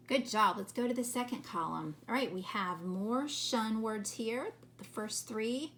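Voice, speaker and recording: A woman teaching a phonics lesson to children, sounding out words slowly and patiently. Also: a little high, fairly bright tone, slight background noise.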